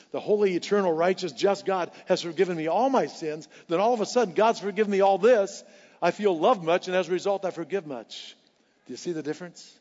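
A man preaching with fervor, hammering home key phrases and swinging from hushed to loud, his voice sitting a little high. The sound carries a long hall reverb and comes through dull and muffled, as from a church sanctuary. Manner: impassioned preaching, repeating lines for emphasis. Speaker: pastor. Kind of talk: sermon.

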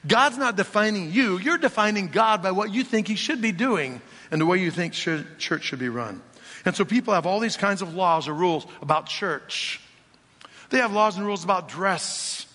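At normal speed and with lively intonation, a man preaches in a high, bright, forceful voice. Acting as pastor in a church sanctuary, he challenges the congregation with rhetorical questions. A long church-hall reverb surrounds him.

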